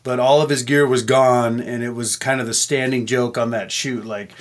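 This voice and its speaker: A man co-hosting a podcast, telling relaxed, joking stories in casual chat. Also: mid-range voice, moderate pace, few pauses. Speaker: podcast co-host.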